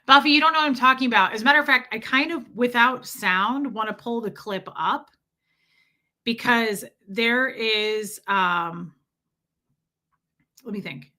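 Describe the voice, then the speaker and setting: A woman's voice: on the high side, moderate pace, pushed and bright. A woman in her forties hosting a casual livestream, rambling and chatty as she thanks viewers by name. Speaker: livestream host reading chat.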